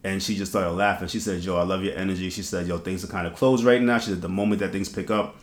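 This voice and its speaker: A man hosting a podcast, telling stories in lively casual chat with slang, swearing and laughter. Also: low voice, quick pace. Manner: animated storytelling, laughing, heavy slang and swearing. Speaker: podcast host. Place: podcast studio. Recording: echoey room.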